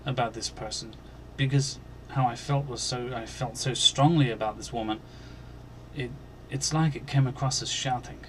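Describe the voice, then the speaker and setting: A man hosting a Christian channel, earnestly recounting a dream as personal testimony, halting and restarting, and growing emphatic on key points. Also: mid-range voice, a little hiss or hum. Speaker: Christian video channel host.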